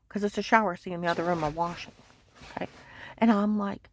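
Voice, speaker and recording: A woman telling a long personal story in a rambling monologue, agitated and insistent, repeating herself and sometimes dropping to a hushed near-whisper. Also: mid-range voice, brisk, slight background noise. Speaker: vlogger.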